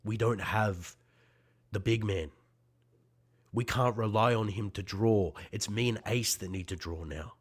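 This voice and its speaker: Low-voiced man, fiery and profane. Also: a little slow, husky. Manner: profane, intense, swings from shouting to quiet. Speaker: wrestler guest. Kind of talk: fiery promo-style talk.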